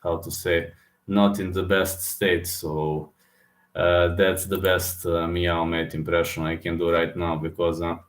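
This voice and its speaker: A man from Serbia, hosting a casual livestream with a hoarse throat and often pausing to search for words. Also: deep voice, level tone, roomy sound. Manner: halting, searching for words, many fillers. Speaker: livestream host answering chat.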